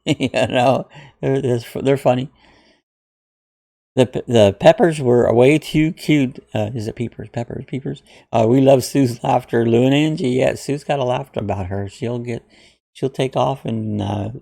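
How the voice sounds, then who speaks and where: Medium in pitch, creaky and dark-toned, this man speaks at a moderate pace. He's an Ohio channel host casually reading through viewer comments, friendly and meandering, with frequent uhs and restarts.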